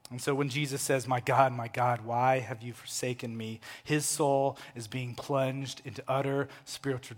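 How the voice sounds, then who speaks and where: A man preaching a sermon, swinging between loud, impassioned proclamation and hushed, quiet lines. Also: mid-range voice. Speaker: pastor. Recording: long hall reverb.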